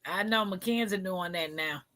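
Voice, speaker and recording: A woman's voice: on the low side, moderate pace, fairly bright tone, slight background noise. A woman, hosting a casual chat and teasing her guest with frequent laughs. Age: 40s. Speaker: show host.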